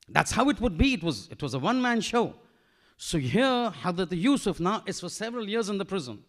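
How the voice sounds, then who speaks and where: A man giving a sermon, telling a story with lively acted-out dialogue and Urdu phrases mixed in. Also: sits high, fairly quick. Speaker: preacher.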